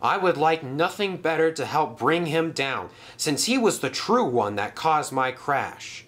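Man doing good-humoured male engine, polite, chuckling, lively delivery. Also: fairly high pitch, a little slow. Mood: cheerful.

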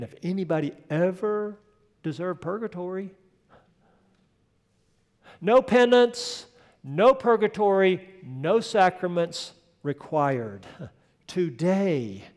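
High-voiced pastor preaching in a reverberant hall. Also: male voice. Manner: emphatic, builds to loud peaks then drops soft. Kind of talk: sermon. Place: church sanctuary.

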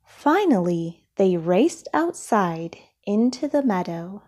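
A woman reads a children's storybook aloud at a very slow, deliberate pace. Her voice rises and falls a great deal, with a mellow, slightly husky tone. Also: medium pitch. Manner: slow, expressive, sound effects whispered. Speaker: storybook reader. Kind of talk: children's read-aloud narration.

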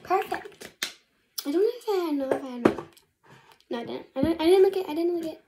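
A woman's voice: very high-pitched, expressive, brisk, heavy background noise. A young female vlogger talking casually through her bedtime skincare routine, rambling and often half-whispering to herself. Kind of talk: casual get-ready-with-me vlog.

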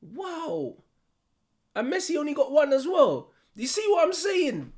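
Slangy man, loose and lively. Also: very high voice, unhurried. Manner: loud slangy banter, frequent laughter. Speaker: streamer reacting to football. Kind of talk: live reaction commentary.

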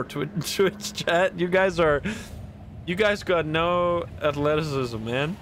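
A man's voice: fairly high pitch, slow pace, a little hiss or hum. A man streaming himself playing a video game, narrating his moves with swearing, laughs and sudden outbursts. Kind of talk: casual gameplay commentary.

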